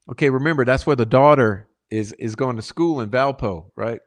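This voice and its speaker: A man's voice: medium pitch, normal speed, few pauses. A man hosting a crime channel, reading case documents aloud and breaking off into emphatic commentary. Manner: reads flatly, then breaks off into emphatic asides.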